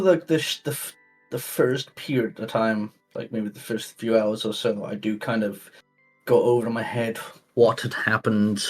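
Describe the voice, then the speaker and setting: A man playing a tabletop game who describes his character's actions hesitantly, with many fillers. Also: lowish voice. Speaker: player.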